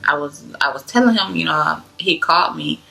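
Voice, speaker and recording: A young woman from Georgia, a vlogger, shares her personal testimony in a chatty, loose way full of fillers. Her voice is deep, gravelly, and sharp in tone, with lively intonation and a slightly fast pace.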